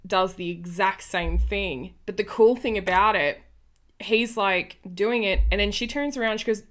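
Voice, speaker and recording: A chatty woman in her early thirties, talking casually on a podcast. She rambles through her story, circling back and restarting as she goes, at a middle pitch. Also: steady tone, moderate pace, a bit bright. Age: early 30s. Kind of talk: casual chat.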